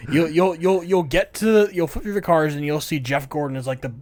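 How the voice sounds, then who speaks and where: A man's voice: fairly high pitch, fairly quick, a little mellow. A young man co-hosting a casual movie review podcast, rambling with many fillers. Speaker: podcast co-host.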